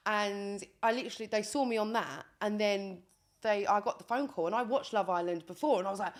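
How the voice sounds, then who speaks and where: A woman in her thirties talks at a quick clip as a guest on a podcast. Her chat is easy and chatty, broken up by frequent laughs, and her pitch sits in an ordinary middle range. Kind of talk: casual chat.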